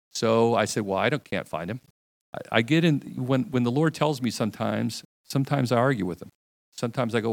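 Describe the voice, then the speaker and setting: A middle-aged man delivers a sermon as if telling a story to friends, his voice gravelly with a rough fry. He often sinks to a hushed, low tone when he quotes dialogue. The recording is dry and close, with no room echo. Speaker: pastor.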